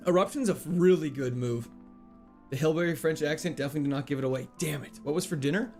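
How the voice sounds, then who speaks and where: A man's voice: on the high side, darkish tone, faint music behind. A young man streaming a game, casually reading and answering chat in a playful, joking way. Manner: playful, chatty, quick laughs, jokey mock French.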